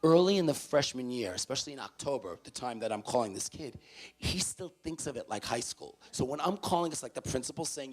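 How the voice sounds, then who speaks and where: A man's voice: a little high, lively intonation, quick pace, creaky. A man speaking to parents at a university, telling an anecdote and acting out both sides of the conversations. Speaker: university student affairs staff speaker. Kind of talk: storytelling talk to parents. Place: university venue, in front of parents.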